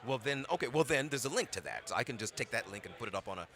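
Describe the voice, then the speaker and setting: A man's voice: mid-range voice, racing. A man from Brooklyn, a voice actor, talking reflectively and expressively as a guest in a casual interview. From Brooklyn, New York. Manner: reflective, expressive, animated storyteller. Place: convention floor.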